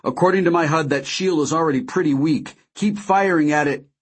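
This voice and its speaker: A man voicing a calm, commanding middle-aged general in an audiobook. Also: on the high side, fairly quick, slightly rough, voice pushed up. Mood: steady. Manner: firm, commanding. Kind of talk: audiobook character voice.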